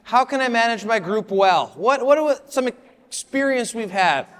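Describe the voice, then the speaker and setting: A man's voice: very high voice, expressive, unhurried, a bit bright, long reverb tail. A man leading a live volunteer workshop in a casual, upbeat way. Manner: casual, upbeat, lots of 'like' and 'right?'. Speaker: training session leader.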